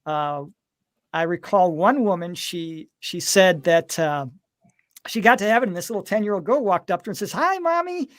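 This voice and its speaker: A man hosting a live video chat, telling stories in a relaxed way with many fillers and acting out the voices he quotes. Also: high-pitched, normal speed, no room sound. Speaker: host.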